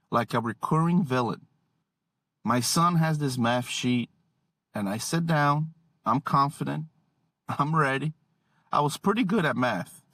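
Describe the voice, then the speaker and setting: Slow, wry dad telling funny stories. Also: male voice, mid-range voice, a bit bright, no room sound. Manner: wry, self-deprecating, exasperated. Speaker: podcast host. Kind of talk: comedic storytelling monologue.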